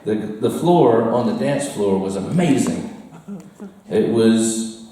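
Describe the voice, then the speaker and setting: A man's voice: on the low side, expressive, slow, mellow. An American man telling a rambling, self-deprecating story to a live audience in a bar, often laughing at his own tale. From United States. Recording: roomy echo, from far off.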